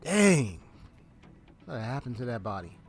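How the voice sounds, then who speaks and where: A man's voice: medium pitch, big pitch swings, a little slow, faint music behind. A man streaming a video game live, chatting casually and telling a story with frequent laughs. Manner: chatty storytelling, laughs often, reads game dialogue aloud. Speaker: gaming streamer. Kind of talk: casual live gameplay chat.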